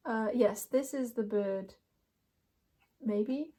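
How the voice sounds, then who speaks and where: A woman's voice: on the high side, very slow, mellow. A young woman doing a casual card reading, playful and rambling, laughing often as she talks to herself and the viewer. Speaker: tarot reader.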